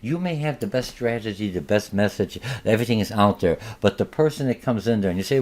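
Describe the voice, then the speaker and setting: A man's voice: fairly low pitch, animated, fast, hardly any pauses, a little mellow. A man teaching a college marketing lecture in a rambling, conversational way, with many restarts and acted-out examples. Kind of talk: recorded lecture.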